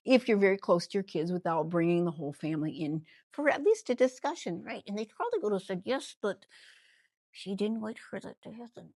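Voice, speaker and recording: A woman hosting a casual reality-TV gossip recap, chatty and animated, often trailing off and restarting her thoughts. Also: medium pitch, fairly quick, no room sound. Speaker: ventriloquist host.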